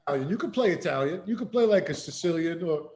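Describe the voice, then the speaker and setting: A man's voice: on the high side, animated, quick pace, darkish tone. A man, an actor guest, chatting casually in short, plain remarks. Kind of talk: casual chat.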